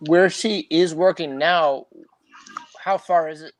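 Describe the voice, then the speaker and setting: Give me a quiet man with a slightly high voice asking follow-up questions in a chat. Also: takes it slowly, no room sound. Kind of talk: casual chat.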